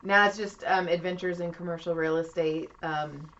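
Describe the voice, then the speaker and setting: A middle-aged woman co-hosting a podcast, telling stories in a casual, animated way and swearing freely. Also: fairly low pitch, normal speed. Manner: animated, swears freely, acts out quoted voices. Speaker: podcast co-host. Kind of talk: casual storytelling chat. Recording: muffled lo-fi podcast audio.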